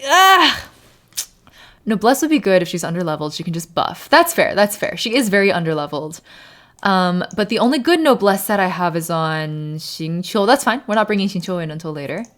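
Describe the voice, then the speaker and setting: A woman live-streaming a game, chatting casually and thinking aloud, breaking into laughs and sometimes slipping into Mandarin. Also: fairly quick. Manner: laughs often, bursts into high excited yelps. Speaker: variety streamer.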